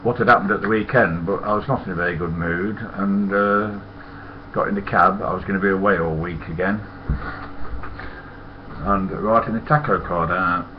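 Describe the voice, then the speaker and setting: A former lorry driver tells stories in a casual monologue, rambling, blunt and profane. His voice is low-pitched with a steady tone at a moderate pace, and the lo-fi recording has slight background noise.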